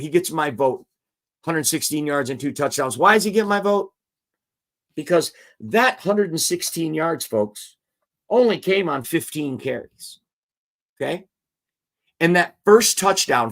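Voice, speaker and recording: A man's voice: fairly high pitch, a bit bright. A man hosting a live football show, talking casually and animatedly, and reading viewer comments aloud.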